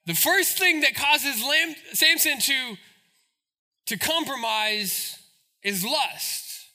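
A pastor preaching a sermon in an animated, joking, storytelling way. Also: male voice, very high-pitched, slow pace.

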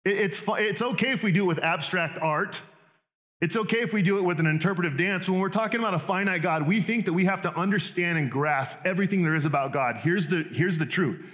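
A man preaching a sermon in a conversational, animated way with quick asides. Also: high voice. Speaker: pastor.

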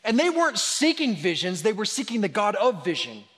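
A man preaching a sermon, telling stories about his children in a lively, animated way. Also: high voice, brisk. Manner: animated storytelling, quoting his kids. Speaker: pastor. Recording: long hall reverb.

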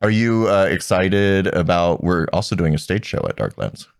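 A man co-hosting a casual podcast, wry and quick to laugh. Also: low-pitched, creaky, smooth. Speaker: podcast co-host.

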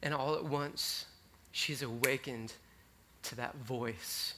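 A man preaching a sermon in a conversational, animated way, dropping to a hush and then rising with excitement. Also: mid-range voice, takes it slowly, slight background noise. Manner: conversational, animated, swinging between hushed and excited. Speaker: pastor.

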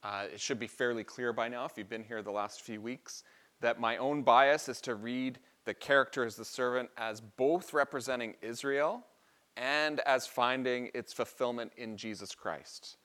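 A man's voice: medium pitch, moderate pace, a bit bright. A man preaching a sermon, explaining a Bible passage in an earnest, teaching manner and lifting his voice on key phrases.

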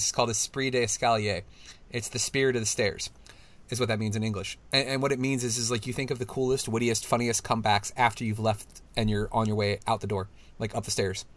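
A man co-hosting a podcast in casual chat, animated and laughing often, his voice jumping up when he mimics people. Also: medium pitch. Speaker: podcast co-host.

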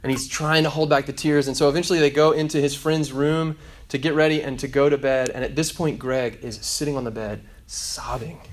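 Male pastor, sermon, storytelling, soft-voiced quotes. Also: mid-range voice, fairly even intonation, a little fast.

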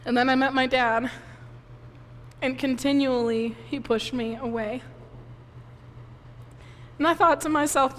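Woman pastor, tearful sermon testimony, high voice, long hall reverb. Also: fairly even intonation, unhurried, long pauses. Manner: emotional personal testimony, tearful at times. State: crying softly.

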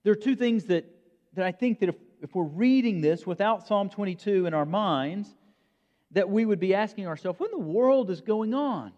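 A man preaching a sermon in a measured, emphatic way, with dramatic pauses. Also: high-pitched, lively intonation, darkish tone. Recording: long reverb, dull lo-fi sound.

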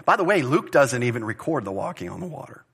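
A man's voice: medium pitch, sing-song, fast, gravelly, fairly bright tone, husky. A man teaching a Bible study in an informal, conversational way, with asides and restarts.

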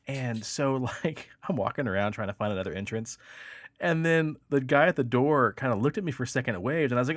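A man hosting a casual podcast, telling a story with lively acted-out quotes. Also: medium pitch, fast, no echo, clean studio sound. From El Dorado. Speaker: podcast host. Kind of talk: casual chat.

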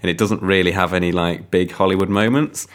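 A man's voice: low voice, steady tone, fairly quick. A man reviewing films on a podcast in casual chat, rambling and enthusiastic with lots of ums.

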